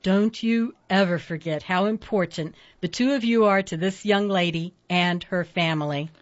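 A woman's voice: lowish voice, moderate pace, dull audio, close to an everyday voice. A woman narrator voicing a kind woman teacher speaking encouragingly.

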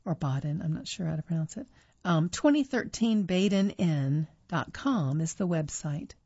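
A woman reading magazine articles aloud in an unpolished way, correcting herself and pausing with fillers, on a dull lo-fi recording. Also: fairly low pitch, animated, darkish tone, breathy edge, no room sound.

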